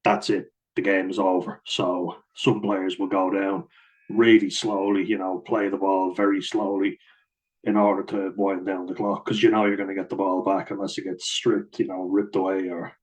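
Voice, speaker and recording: A man's voice: low voice, level tone, normal speed, low-quality recording. A man, a rugby player hosting a casual, blunt commentary on the rules of the game, swearing and laughing easily along the way.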